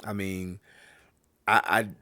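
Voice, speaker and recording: Lower-voiced man on a sports podcast. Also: extremely slow, no echo, studio quality. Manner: animated, ranting, speaks directly to listeners. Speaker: podcast host and youth sports trainer. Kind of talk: casual opinion monologue.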